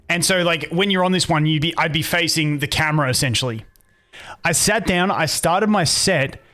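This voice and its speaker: Swearing streamer, higher-pitched man. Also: fairly bright tone. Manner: swears a lot, rambling storytelling with restarts. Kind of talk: casual live-stream chat.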